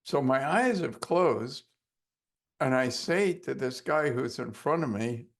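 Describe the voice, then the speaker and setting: A man teaching hypnosis shares a story from his own sessions, drawing it out at a slow and unhurried pace. His voice is mid-pitched, and he talks casually, with plenty of swearing. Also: creaky. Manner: casual, profane, animated anecdote telling. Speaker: hypnosis instructor. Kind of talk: storytelling in a course lesson.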